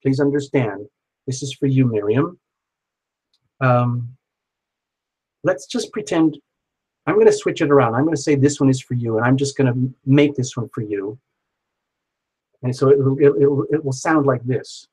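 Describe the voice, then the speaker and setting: A man with a husky voice hosts a live tarot stream. He speaks softly and repeats reassuring affirmations to viewers, naming them as he goes. His pitch sits right in the middle of the range. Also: moderate pace, pauses often, rough recording. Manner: gentle, repetitive affirmations, addresses viewers by name.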